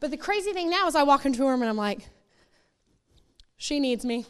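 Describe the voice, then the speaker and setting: A woman with a high voice speaks to a youth group in a loose, emphatic sermon. She hammers her points home with repetition and plays out little quoted voices. The sound rings in a long, echoey hall. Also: lively intonation, racing.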